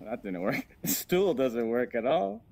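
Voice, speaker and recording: A man's voice: medium pitch, measured pace, vocal fry, background noise. A man doing a stand-up comedy set in a virtual world, nervous and self-deprecating, stumbling over many ums between jokes. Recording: lively laughing crowd behind.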